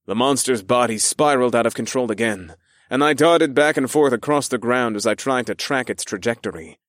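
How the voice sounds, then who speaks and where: A man's voice: medium pitch, a little fast, no room sound. A man narrating a first-person fantasy audiobook with a dramatic, wry delivery on a close mic.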